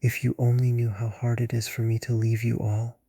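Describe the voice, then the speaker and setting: A man voicing an earnest young woman who dreams of acting, in a breathy whispered role-play. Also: mid-range voice, monotone, moderate pace, dark tone, no echo, studio quality.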